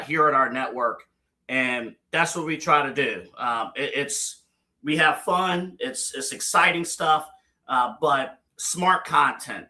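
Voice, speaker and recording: A man's voice: mid-range voice, bright, forceful tone. A man hosting a podcast in casual chat, giving lavish praise and filling his talk with uh and um. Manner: effusive praise, heavy with uh and um. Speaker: podcast host.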